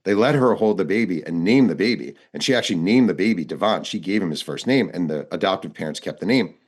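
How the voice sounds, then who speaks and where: A male author being interviewed, telling his reporting stories in a lively, narrative way and acting out the people he quotes. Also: low voice, fast, breathy edge. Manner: vivid narrator, acts out quoted dialogue. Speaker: author and guest. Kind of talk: storytelling interview answers.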